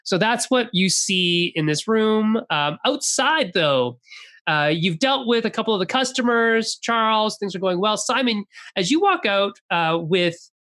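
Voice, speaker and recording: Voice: medium pitch, lively intonation, a bit bright. A game master describes the scene to the players in loose, casual speech. The narration stops and starts, full of fillers. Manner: casual and halting, many fillers.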